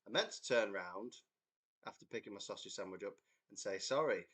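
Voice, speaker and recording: A young English band member with a lowish, fairly bright voice talks a little fast while hosting a casual livestream chat on a computer mic. He tells a rambling story, laughs often, and reads out viewer comments.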